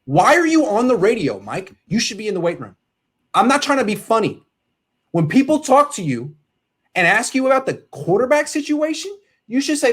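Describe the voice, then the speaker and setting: A male sports podcast host in casual chat, ranting in an animated, exasperated way. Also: very high-pitched, normal speed, husky.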